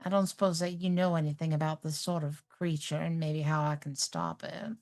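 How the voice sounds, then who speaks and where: A woman's voice: sits low, little pitch movement, a little fast, creaky, darkish tone. A woman playing a polite, composed winged summoner with formal phrasing.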